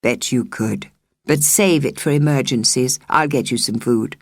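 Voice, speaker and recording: A woman's voice: very deep voice, moderate pace, dry recording, clean studio sound. A woman voicing a serious young evacuee girl who speaks earnestly and urgently. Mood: firm.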